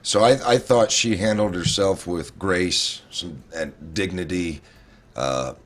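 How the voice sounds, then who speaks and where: A man's voice: deep voice, slow pace, slight background noise. A man co-hosting a casual political talk show, speaking in a heated way and stammering when worked up.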